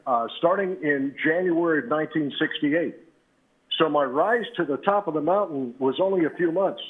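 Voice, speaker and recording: A man in his seventies, a veteran radio announcer, relaxed and anecdotal as he tells stories as an interview guest. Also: on the high side, moderate pace. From New Britain, Connecticut. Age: 70s. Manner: relaxed and anecdotal, with frequent "uh" and "you know". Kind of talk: reminiscing storytelling. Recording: tinny phone line.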